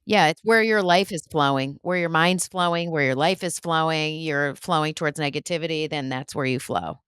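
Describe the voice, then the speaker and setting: Smooth-voiced woman hosting a podcast. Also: deep voice, normal speed, no room sound, clean studio sound. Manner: animated storyteller who acts out quotes. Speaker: podcast host and spiritual medium. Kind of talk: casual podcast conversation.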